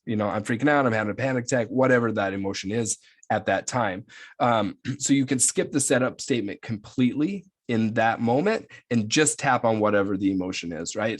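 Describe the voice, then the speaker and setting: A young adult man leading a webinar in an easygoing, chatty way. His pitch sits in a middle range for a man. He keeps checking in with his listeners and swears casually. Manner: loose and conversational, frequent "right?" tags, occasional swearing. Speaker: coach presenting a webinar.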